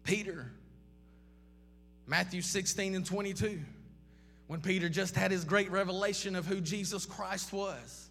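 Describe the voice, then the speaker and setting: A man delivers an impassioned sermon in a high, bright voice. He stacks question upon question and restarts phrases as he builds. His voice trails off into the long reverb of a large hall. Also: steady tone, a little slow, creaky, pauses often, soft background music. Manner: impassioned, piles up repeated questions, frequent restarts. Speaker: preacher.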